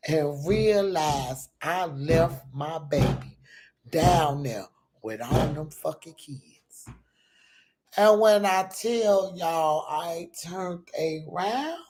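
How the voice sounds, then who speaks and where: Slow-talking emphatic mother. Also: on the low side, darkish tone. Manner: emphatic, profane, addresses viewers as y'all. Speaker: mother telling her story. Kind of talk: casual storytelling to viewers.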